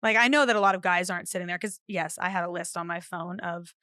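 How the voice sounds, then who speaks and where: A woman's voice: fairly low pitch, fast talker, sharp tone, clear, resonant tone, no room sound. A pregnant young woman co-hosting a podcast in a studio, chatting animatedly and teasing her partner. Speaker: podcast co-host. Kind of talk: casual chat.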